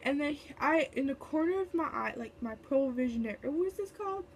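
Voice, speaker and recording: High-voiced sassy young woman vlogger. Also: lively intonation, brisk, slight background noise. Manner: chatty, lots of fillers, sassy. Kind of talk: casual storytime chat.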